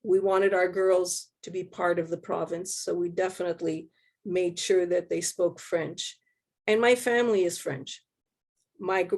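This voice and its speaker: An older woman from Quebec, slightly hoarse and losing her voice, answering interview questions on a video call in a thoughtful, rambling way with restarts. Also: lowish voice, a little mellow. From Quebec, Canada.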